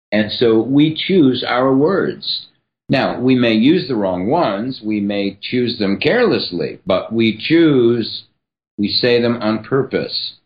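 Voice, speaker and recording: Male podcast guest, teacherly and deliberate, unhurried delivery, slightly muffled lo-fi recording. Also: medium pitch. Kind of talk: explanatory interview talk.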